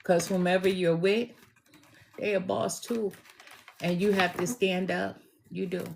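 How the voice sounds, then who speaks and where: A woman tarot reader chatting casually with viewers on a live stream, slangy and quick to laugh. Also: medium pitch, fairly even intonation, gravelly, slight background noise.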